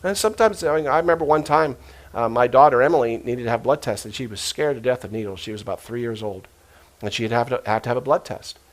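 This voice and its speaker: A middle-aged man preaching a sermon as a pastor, telling stories earnestly and dropping to a hush for quoted voices. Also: mid-range voice, quick pace. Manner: earnest storytelling, emotional retellings with hushed quoted voices.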